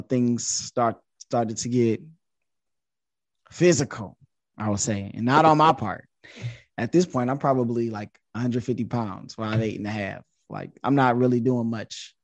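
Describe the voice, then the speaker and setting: A man in his thirties, a podcast guest, telling a story in a casual, animated way and jumping up in pitch when he quotes himself. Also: dry recording. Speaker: podcast guest, social media influencer.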